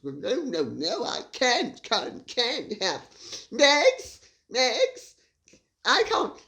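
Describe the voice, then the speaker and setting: A woman's voice: on the high side, wildly swooping pitch, extremely slow, bright, forceful tone, voice pushed up, heavily acted. A woman doing a mocking impression of a pompous young royal man, protesting in a flustered, stammering way.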